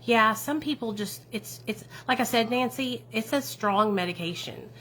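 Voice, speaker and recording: A little hiss or hum sits under this woman's fairly bright, higher-pitched voice as she talks at a moderate pace. Streaming casually as a recovery advocate, she encourages and affirms viewers while replying to their comments, often closing her points with a question.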